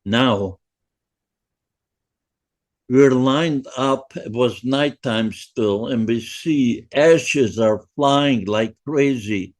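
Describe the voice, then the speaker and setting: Speaking as a podcast guest, a man from Poland in his nineties shares his survivor's testimony in his own words. His delivery is halting and emotional with frequent restarts, and his voice sits in the mid-range.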